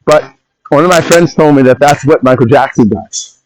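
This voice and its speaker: Male solo podcaster, slightly high voice, casual and rambling, slides into opinionated rants, phone recording. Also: normal speed, poor audio.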